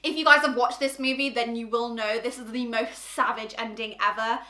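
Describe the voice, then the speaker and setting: A woman's voice: fairly high pitch, fairly even intonation, fairly quick, pushed and bright. A young woman in her twenties hosting a casual reaction vlog, chatty and bubbly, with lots of "like" fillers. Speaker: YouTube host. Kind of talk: casual reaction chat to camera. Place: indoor home room. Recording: roomy echoey room.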